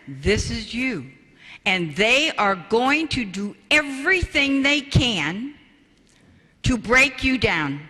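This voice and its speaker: The speaker is an older woman whose mid-range voice comes across bright and forceful. She tells stories to an audience during a spiritual parenting talk, animatedly performing the quoted voices, recorded in a reverberant hall.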